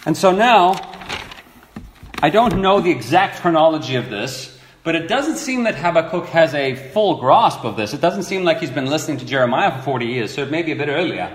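A man preaching a sermon, reading scripture aloud and acting out the people in the story with lively repetition. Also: a little high, reverberant. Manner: animated, acts out quoted speakers, repeats words.

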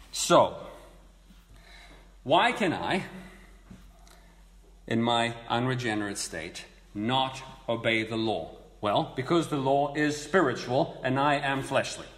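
Man preaching in an echoey hall. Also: medium pitch. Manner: explanatory, conversational teaching with rhetorical questions. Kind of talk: verse-by-verse sermon. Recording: echoey hall with long reverb.

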